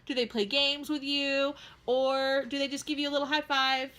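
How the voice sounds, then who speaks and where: A woman's voice: sits high, flat delivery, normal speed, bright, forceful tone. A woman co-hosting a casual home vlog, chatty and bubbly, sometimes stretching her words out. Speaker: co-host. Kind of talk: casual chat. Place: home in Texas.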